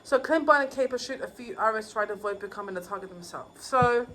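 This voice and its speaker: A woman casually reviewing TV episodes, rambling and excitable with many fillers and restarts. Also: fairly high pitch, quick pace, a little hiss or hum, rough recording. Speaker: YouTuber reviewing TV shows.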